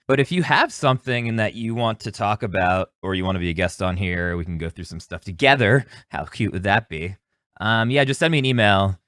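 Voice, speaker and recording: Low-voiced man rambling through a story. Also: no echo, clean studio sound. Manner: rambling, jokey, animated retelling with cursing. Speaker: podcast host. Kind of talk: casual solo storytelling.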